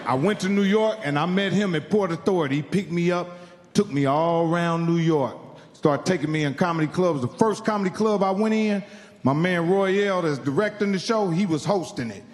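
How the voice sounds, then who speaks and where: High-voiced man doing profane stand-up. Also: fairly quick, long reverb tail. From Indiana, US. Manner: profane, animated storytelling that acts out other people's voices. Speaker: stand-up comedian. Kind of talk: stand-up storytelling. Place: live comedy venue.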